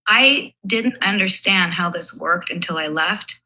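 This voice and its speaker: A woman's voice: lowish voice, unhurried, pushed and bright, low-quality recording. A woman on a podcast, explaining her views thoughtfully and carefully. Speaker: podcast guest. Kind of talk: reflective podcast talk.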